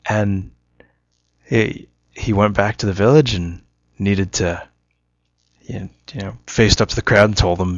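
A man with a lowish voice spins a casual, meandering story and then muses aloud, stopping to correct his own words. The recording is dry and a little dull, like a home setup with no room sound. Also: a little slow, pauses often, no echo. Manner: rambling, self-correcting, musing.

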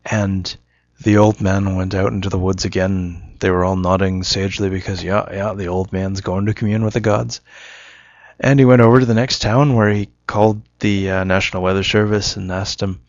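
A man's voice: low voice, level tone, normal speed, no room sound, muffled recording. A man telling a joke and musing in a casual, rambling monologue, often correcting himself.

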